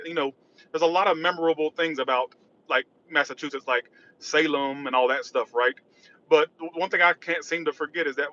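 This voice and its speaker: Recorded in lo-fi quality, this tarot reader's voice sits on the high side with a sharp edge. He's livestreaming while driving his car, chatting loosely, rambling, and responding to messages from chat.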